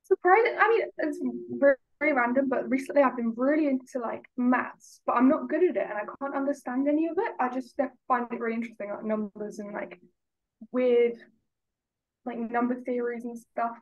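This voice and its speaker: Young woman from the UK, podcast guest, slightly high voice, hesitant, lo-fi sound. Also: brisk. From United Kingdom. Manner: hesitant, lots of "like" and "I don't know". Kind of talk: casual interview chat.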